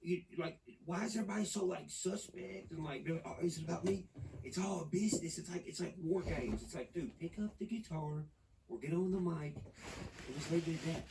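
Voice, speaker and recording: A man's voice: on the high side, normal speed, creaky, darkish tone. Man from Nashville, podcast guest, profane rambling storyteller; a bit distant mic, faint hiss. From Nashville, Tennessee. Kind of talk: casual podcast chat.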